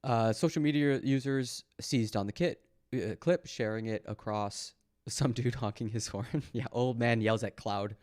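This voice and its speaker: A man's voice: medium pitch, unhurried, darkish tone. Sarcastic male streamer mocking the news. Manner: sarcastic and mocking, talks back to a chat; reads posts aloud, then mocks them. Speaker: live streamer reacting to news posts. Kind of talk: casual live-stream commentary.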